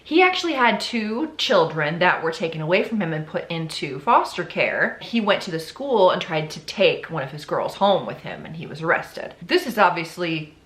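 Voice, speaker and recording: A young woman tells a true crime story in a casual, blunt way, and she tosses in offhand asides as she goes. Her voice is bright and forward. The room around her is echoey. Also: lowish voice, very animated, moderate pace, few pauses. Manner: chatty and blunt, with swearing and asides.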